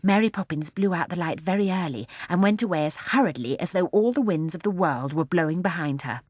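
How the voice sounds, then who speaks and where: Soft-spoken woman reading a storybook. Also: lowish voice, a little fast, no echo, studio quality. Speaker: audiobook narrator. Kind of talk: scripted storybook narration.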